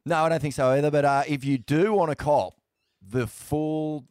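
A man's voice: a little high, steady tone, moderate pace, a little mellow, clean tone, no echo, clean studio sound. An Australian man co-hosting a podcast, telling stories in a laid-back, sweary way. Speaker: podcast co-host. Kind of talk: casual chat.

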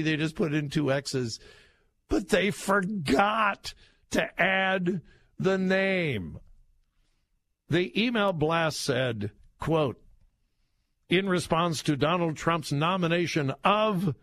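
Radio talk guy in a dry studio, mocking and chuckling, drags his words out slow. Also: sits high, lively intonation, fairly bright tone, dry recording. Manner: mocking, laughs while talking, drawn-out emphatic delivery. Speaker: radio talk show host. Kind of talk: political talk radio commentary. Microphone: studio microphone.

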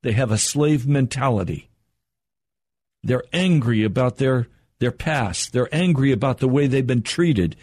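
An older man preaching a sermon in an earnest, measured way, slowing down for emphasis. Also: medium pitch, lively intonation, darkish tone, dry recording, studio quality.

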